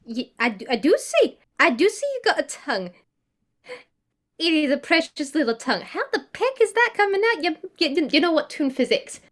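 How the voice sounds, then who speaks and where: A woman voicing a furry toon mother who dotes on her little one, gushing and cooing with excitement. Her voice sits high and bright with delight. It is cartoonish tabletop role-play. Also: moderate pace. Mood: doting.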